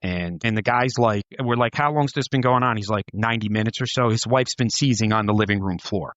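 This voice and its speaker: A man's voice: lowish voice, a little fast, fairly bright tone, no echo, dull audio. A man, a former police officer, telling stories in a rambling casual chat, swearing and saying "like" and "dude" a lot.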